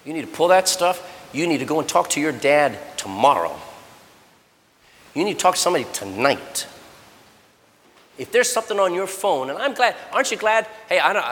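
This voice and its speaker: A middle-aged man preaching a sermon to young people at a camp, animated and swinging from low murmurs to loud exhortation. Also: normal speed, pauses often. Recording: long hall reverb.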